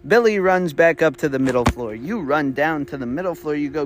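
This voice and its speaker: A man's voice: a little high, lively intonation, fairly quick, music in the background. A man hosting a podcast, improvising a story in a rambling, self-correcting way and swearing casually. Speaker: podcast host.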